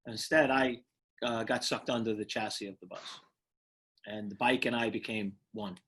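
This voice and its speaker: A middle-aged man from Brooklyn, telling his personal story as an interview guest in an earnest, reflective way with halting restarts. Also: fairly low pitch, fairly even intonation, a bit bright, husky. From Brooklyn, New York. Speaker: guest, retired firefighter.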